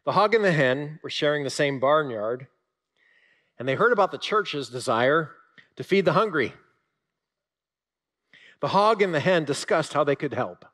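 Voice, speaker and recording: A male pastor giving a sermon, telling stories with animated emphasis and sudden drops to a quiet voice. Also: fairly high pitch, normal speed, long pauses.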